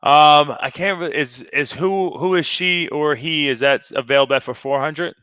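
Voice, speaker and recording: A man's voice: a little high, normal speed, sharp tone, smooth. A man playing along as a quiz contestant, joking about himself and hesitating over answers. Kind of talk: casual banter on a game show.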